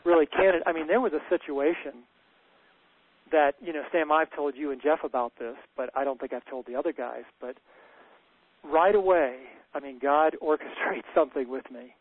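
A men's retreat leader shares a candid personal story in conversation, earnest and often stammering and restarting. His voice is fairly high at a normal speed, and the recording sounds tinny, phone-like, and dry with no echo.

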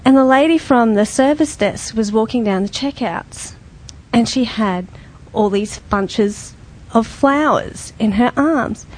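A woman shares a personal story with a small group. Her voice sits a little high, and she tells it casually, laughing often and mimicking the people she quotes. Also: unhurried, few pauses, rough recording. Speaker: group member sharing a testimony.

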